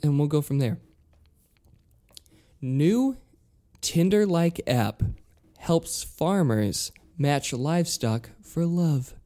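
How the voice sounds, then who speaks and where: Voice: medium pitch, animated, slow pace, pauses often, mellow. A podcast co-host in casual chat, playful and teasing, reading headlines aloud with relish.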